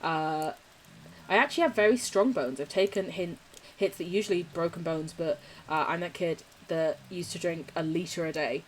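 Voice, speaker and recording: A woman's voice: fairly low pitch, moderate pace, a little hiss or hum. A young British woman streaming a game, chatting casually with her viewers while playing. She swears freely and laughs often. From United Kingdom. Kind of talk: casual chat while gaming and reading chat.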